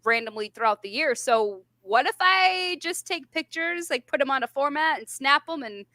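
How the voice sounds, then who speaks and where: A woman chatting on a radio show as a veterans benefits advocate, telling an animated story and swearing freely. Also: high-pitched, moderate pace, no room sound. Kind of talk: casual radio chat.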